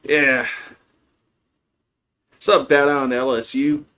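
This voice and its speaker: A man's voice: mid-range voice, fairly even intonation, slow pace, sharp tone, slight background noise. A man giving casual, rambling play-by-play of a college baseball game on a livestream, full of fillers and restarts. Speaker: fan play-by-play host.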